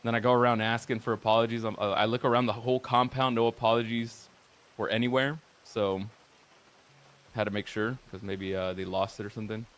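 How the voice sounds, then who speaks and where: A man's voice: on the low side, level tone, brisk, fairly bright tone. A man casually recounting events from a roleplay game, profane and rambling with lots of filler words. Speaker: roleplay streamer. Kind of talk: casual storytelling.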